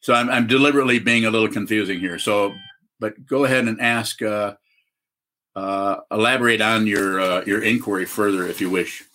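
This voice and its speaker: Low-pitched guy giving a dharma talk over a video call, slow and halting, lots of uhs. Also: steady tone, pushed and bright. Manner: halting, many fillers and restarts. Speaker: Zen teacher.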